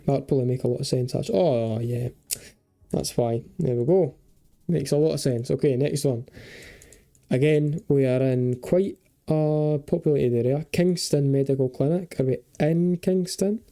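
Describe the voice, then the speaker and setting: With a mellow, mid-range voice at a moderate pace, a young man who makes gaming videos talks his way through a geography game. He thinks out loud, jokes, and swears without restraint in a casual, chatty style.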